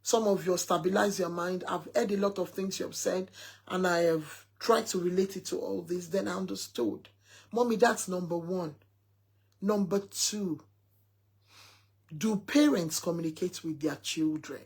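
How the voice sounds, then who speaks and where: A woman's voice: lowish voice, moderate pace, a little mellow, husky. A woman telling an emphatic story, quoting her son at length as she talks to her followers. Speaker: mother sharing a story. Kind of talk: casual talk to followers.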